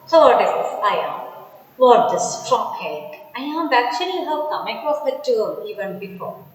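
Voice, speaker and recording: A woman teacher giving an online poetry lecture, slow and deliberate, often repeating and restating her words. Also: fairly high pitch, very animated, heavy reverb, in a large hall, poor audio.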